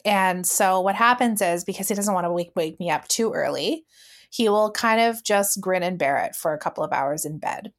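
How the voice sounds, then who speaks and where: A woman's voice: medium pitch, moderate pace. A woman co-hosting a casual podcast, speaking reflectively, laughing often and acting out voices she quotes. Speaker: podcast co-host.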